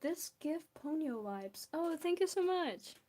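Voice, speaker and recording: A woman's voice: high voice, expressive, a little slow, darkish tone. A young woman from Belarus with a Belarusian accent, chatting casually and giggling with viewers while drawing on a stream. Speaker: art streamer.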